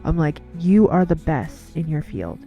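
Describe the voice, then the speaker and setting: A woman's voice: sits low, very animated, unhurried, dull audio, faint music behind. A woman giving an earnest devotional talk in a casual monologue, telling stories and repeating words as she goes.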